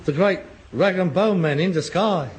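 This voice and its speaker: A man's voice: sits high, normal speed. A man in a British radio sitcom, playing a sarcastic, exasperated grown son who mocks his father.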